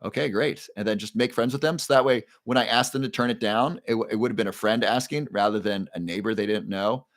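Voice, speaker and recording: A man's voice: on the low side, fast talker, hardly any pauses, no room sound, studio quality. A man hosting a casual livestream, telling a story in a chatty way and repeating key phrases. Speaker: livestream host.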